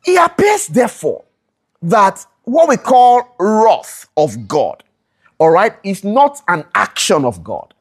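Lively Bible study teacher asking "all right?". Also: mid-range voice, takes it slowly, slightly rough. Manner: checks in with listeners, keeps asking "all right?"; asks rhetorical questions and repeats them for emphasis.

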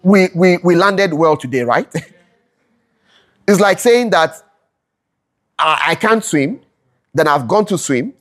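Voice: mid-range voice, lively intonation, slow pace, pauses often. Bible study teacher, voice jumps all over, keeps saying all right? and repeating questions. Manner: checks in with listeners, keeps asking "all right?"; asks rhetorical questions and repeats them for emphasis.

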